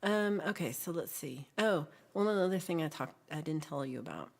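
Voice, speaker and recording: Low-voiced chatty woman livestreamer. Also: lively intonation, moderate pace, creaky, hardly any pauses. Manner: chatty, reads viewer messages aloud, frequent ums. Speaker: livestream host. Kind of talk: casual livestream chat.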